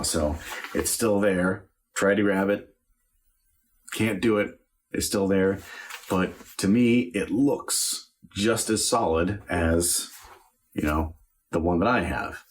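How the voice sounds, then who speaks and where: Low-voiced man teaching Shakespeare. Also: slow pace, pauses often. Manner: explains line by line, thinking aloud with fillers. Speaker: acting teacher. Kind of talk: lesson on Shakespeare verse.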